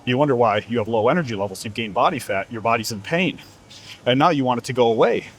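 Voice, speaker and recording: A man's voice: mid-range voice, animated, fast, a little hiss or hum. A man coaching about fitness in a blunt, profane, lecturing monologue. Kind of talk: motivational monologue.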